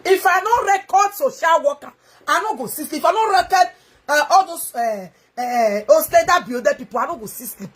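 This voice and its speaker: A woman with a Nigerian Pidgin English accent, ranting angrily in a video, taunting and mocking with shouts and a sing-song edge. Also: high-pitched, expressive, brisk. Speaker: online video ranter. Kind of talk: angry livestream rant.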